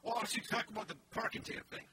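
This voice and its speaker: A man preaching a sermon as pastor, telling stories with frequent restarts and asides in a large church. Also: racing. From Canada. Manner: storytelling with many restarts and asides. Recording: distant mic with background noise.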